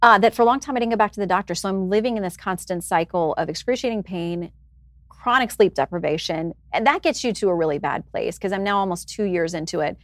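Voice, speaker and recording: A woman's voice: medium pitch, quick pace, no room sound. A woman in her forties, a news anchor and author, telling an earnest, emotional story of her own in a candid interview.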